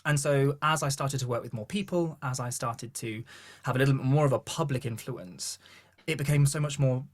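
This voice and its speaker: A man with a posh southern English accent talks through a podcast interview as a vocal coach and choir leader. His voice is husky and sits in a middle pitch. He tells stories with energy and slips into quick put-on voices when he quotes people. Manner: animated storyteller who acts out quoted voices. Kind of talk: podcast interview, relaxed storytelling.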